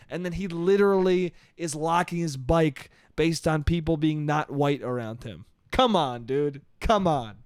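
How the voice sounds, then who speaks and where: A man with a high voice rants through a story on his solo comedy podcast. He sounds exasperated, swears freely and keeps saying "dude." The sound is dry and close, with no room echo. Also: a little mellow, smooth. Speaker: podcast host. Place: New York.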